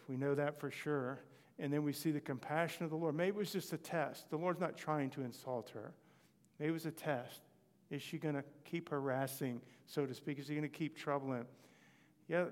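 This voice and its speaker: A man preaching with a slightly raised voice, telling scripture stories in an animated way. His voice rings out with a long reverb, as if he is in a large church hall. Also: fairly high pitch. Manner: animated storytelling, voicing quoted scripture figures. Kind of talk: sermon.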